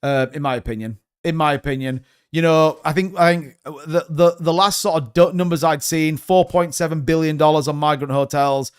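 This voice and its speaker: A man's voice: on the high side, fairly even intonation, normal speed, few pauses, clean tone. A man in his thirties, hosting a crypto livestream, talking bluntly and rambling, sometimes swearing. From United Kingdom. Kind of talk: casual livestream chat.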